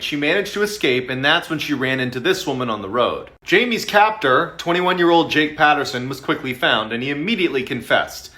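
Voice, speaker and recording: A man's voice: mid-range voice, pushed and bright. A man narrating a true crime story in a dramatic storytelling style.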